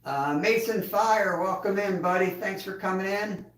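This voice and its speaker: A relaxed man with a twang chats casually on his livestream, his fairly high voice sitting back from the mic. The sound bounces around an echoey room, and he chuckles as he answers his viewers. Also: a little slow, distant mic. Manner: laid-back, chuckles, reads chat aloud. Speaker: livestream host.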